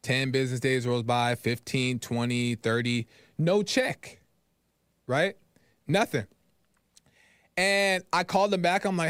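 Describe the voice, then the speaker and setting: A man tells a long frustrated story on his podcast, acting out each phone call and checking in with "right?". His voice sits a bit high for a man. The sound is dry and close, with no room in it. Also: moderate pace, smooth, no echo. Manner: animated storytelling, acts out phone calls, frequent "right?". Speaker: podcast host. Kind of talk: casual monologue.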